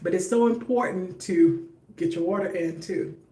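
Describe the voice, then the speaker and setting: A woman's voice: fairly low pitch, normal speed, warm tone, distant mic. A middle-aged woman hosting a casual livestream while she styles her hair. She talks chattily and directly to her viewers, with some talk about her faith. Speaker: livestream host. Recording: roomy echo, voice off-mic.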